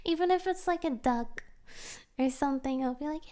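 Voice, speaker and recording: A young woman streamer chatting casually with her live chat, gushing and giggly, sometimes dropping to soft whispers. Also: high-pitched, steady tone, moderate pace, smooth.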